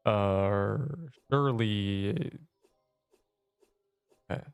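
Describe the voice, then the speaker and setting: A man's voice: lowish voice, extremely slow, smooth, dry recording. A young man chatting casually while streaming a game, joking with viewers and breaking into mock-dramatic outbursts. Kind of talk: casual livestream chat while gaming.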